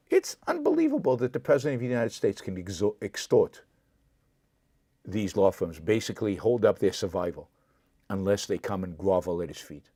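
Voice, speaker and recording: A man's voice: fairly low pitch, dark tone, no echo, clean studio sound. A man hosting a live political commentary show, speaking with impassioned indignation and answering viewer comments directly. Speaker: show host.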